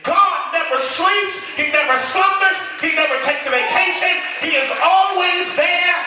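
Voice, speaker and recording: A man preaching a sermon as pastor, calling out questions for the congregation to answer and shouting at the peaks. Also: extremely high pitch, measured pace, faint music behind. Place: large church hall with congregation. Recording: echoey hall from far off, crowd noise.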